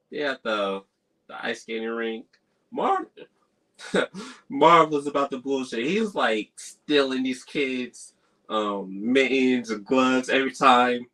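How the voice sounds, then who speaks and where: Bright-voiced man casually recapping a film. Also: mid-range voice. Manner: slangy, chuckles often while recounting scenes. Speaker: movie reviewer, live stream host.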